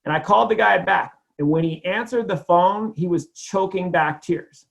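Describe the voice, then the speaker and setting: A man's voice: high voice, normal speed, vocal fry. A man giving a casual sales training talk, telling a client story in a conversational way with lots of fillers.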